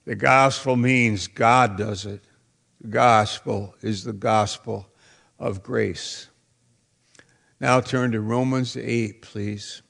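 Male pastor, deliberate slow delivery, gravelly, emphatic sermon style. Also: lowish voice, steady tone. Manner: emphatic preaching, repeats phrases, bursts into shouts.

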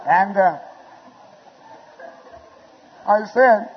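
A man preaching a sermon in a church, telling wedding stories with chuckles and building to shouted appeals. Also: a little high, lively intonation, moderate pace, a little hiss or hum. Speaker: pastor. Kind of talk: storytelling sermon. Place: church sanctuary. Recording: lo-fi recording with long hall reverb.

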